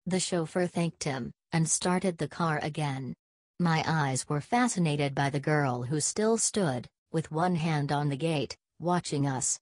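Low-voiced woman reading an audiobook. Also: no room sound. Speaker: audiobook reader. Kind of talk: scripted narration.

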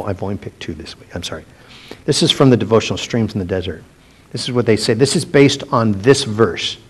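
A man leading a casual Bible study, reading verses aloud and wandering into chatty personal asides with frequent restarts. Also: lowish voice. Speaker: pastor teaching a Bible study.

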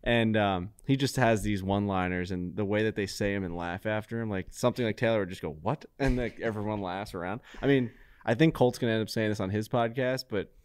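A man co-hosting a golf podcast, telling stories in an animated way and laughing at his own jokes. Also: lowish voice, quick pace, smooth, dry recording. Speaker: podcast co-host. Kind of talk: casual chat.

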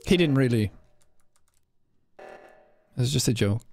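A woman's voice: rumbling low, lively intonation, slow, vocal fry. A young woman streaming a game, chatting casually, playful and joking. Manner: playful, joking, shouts bits.

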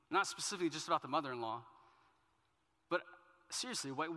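A man preaches in a church, his voice bright and forward. He tells stories casually and pokes fun at himself. The sound rings out with a long hall reverb. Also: on the high side, lively intonation, a little fast, long pauses. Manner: conversational storytelling with self-deprecating humor. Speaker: pastor. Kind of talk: sermon. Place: church auditorium.

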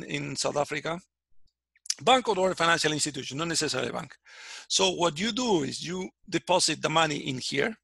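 This finance lecturer has a fairly high, creaky, sharp-toned voice, captured dry through a computer mic on a video call. He frequently stops to make sure his students understand, restarting his sentences many times.

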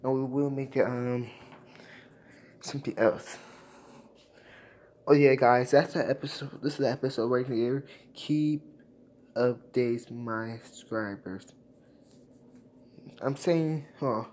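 A man's voice: mid-range voice, steady tone, takes it slowly, pauses often, a little mellow, slight background noise. A young man vlogging to his subscribers in a casual, emotional and repetitive way, thanking them over and over. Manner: emotional, repetitive, keeps saying "guys". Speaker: YouTuber. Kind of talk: casual vlog talk to viewers.

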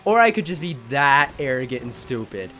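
A young man at home giving jokey, excitable let's-play commentary, often shouting at the game. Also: medium pitch, moderate pace, faint music behind. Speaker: gaming channel host. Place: his room at home.

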